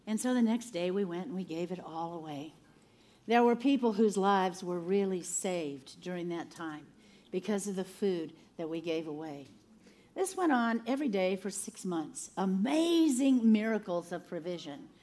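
An older woman giving an animated sermon testimony, laughing often and acting out the people in her story. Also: medium pitch. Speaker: conference speaker.

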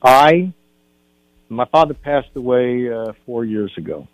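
A man's voice: mid-range voice, expressive, slow, no room sound. An older man, a film director guest on a radio show, telling a personal story in an earnest way, often restarting his sentences. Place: radio studio. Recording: dull radio broadcast.

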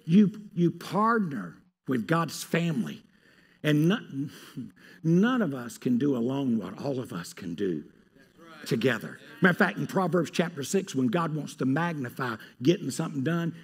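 Husky animated preacher man. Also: a little high. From North Carolina. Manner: animated preacher, swings from hushed asides to loud pleading. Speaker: pastor. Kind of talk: sermon.

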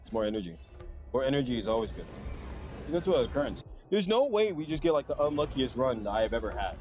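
A young man commenting casually on a video game he is playing, swearing a lot and switching between flat muttering and loud outbursts. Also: medium pitch, fast talker. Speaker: gamer streamer. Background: game music.

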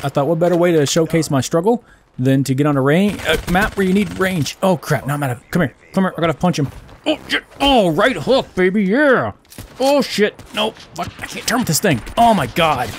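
Man joking through a gameplay session. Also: medium pitch. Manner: joking, excitable, swears when losing. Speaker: gaming channel host. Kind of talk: casual gameplay commentary. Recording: faint noise with game gunfire behind.

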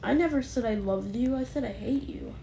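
A woman gamer in playful banter, bossy and teasing, now and then bursting into shouts. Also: fairly high pitch, brisk, creaky, highs cut off, slight background noise.

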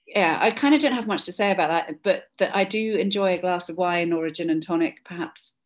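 A middle-aged woman from Scotland, telling stories in a relaxed interview and acting out the voices of the people in them. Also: fairly low pitch, fairly quick. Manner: chatty, animated storyteller, acts out quoted voices. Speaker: interview guest. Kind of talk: casual storytelling.

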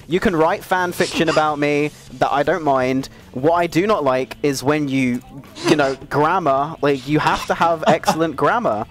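A gamer chatting casually over a game, giggly and animated, often breaking into high laughs. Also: moderate pace, hardly any pauses. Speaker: gaming commentator. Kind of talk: casual gaming chat.

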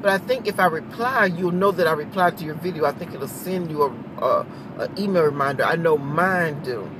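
A woman's voice: sits low, brisk. A woman, chatting casually and rambling to her viewers from her car, often laughing. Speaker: vlogger. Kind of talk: casual chat. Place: in a car in traffic. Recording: road noise from inside a car.

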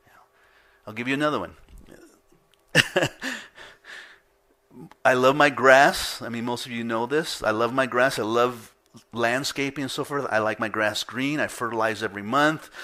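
Man, pastor, sermon, animated storyteller, forceful bright voice, middle-aged. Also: medium pitch. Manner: animated storytelling, acting out his own reactions with laughs. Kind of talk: sermon with personal stories. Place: church.

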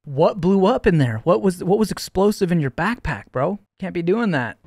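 A man's voice: high-pitched, lively intonation, normal speed, darkish tone, a little hiss or hum. A young man hosting a casual meme reaction video, joking and incredulous, dropping bro and dude. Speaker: YouTube host.

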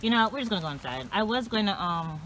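A woman's voice: medium pitch, expressive, fast talker, fairly bright tone. Woman, casual vlog chat, says y'all, talks to her dogs, handheld phone, outdoors, noisy background. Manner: chatty, addresses viewers as y'all, coos at her dogs. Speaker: vlogger walking her dogs. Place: outdoors on a hiking trail, then a home yard.

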